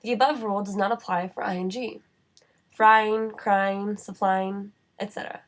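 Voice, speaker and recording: A woman narrating a writing-center lesson in a measured, scripted voice-over. Her pitch sits in the middle range. She reads each example word slowly and carefully. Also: fairly even intonation.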